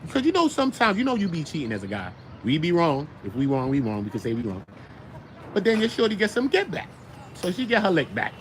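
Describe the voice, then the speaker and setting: A young man from Brooklyn with a New York accent, hosting a casual commentary show in an animated, slangy, riffing way. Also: on the high side, slight background noise. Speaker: show host.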